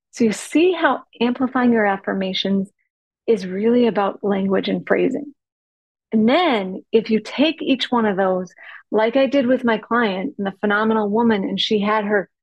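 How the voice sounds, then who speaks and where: A woman presenting a workshop as a coach, playful and animated, savoring and stretching out the sounds of words and acting out example phrases. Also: mid-range voice, no room sound, rough recording. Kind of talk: teaching workshop talk.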